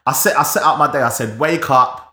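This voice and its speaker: A man's voice: mid-range voice, quick pace, sharp tone, slight background noise. A young man, co-hosting a podcast in a playful, casual chat. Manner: playful, repetitive, laughing. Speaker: podcast co-host. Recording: roomy echo.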